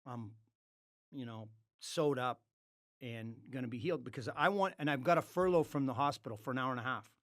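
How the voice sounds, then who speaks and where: Animated storytelling man, blunt and profane. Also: mid-range voice, fairly quick. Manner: animated, acts out quoted dialogue, swears freely. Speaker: podcast guest. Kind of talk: casual storytelling.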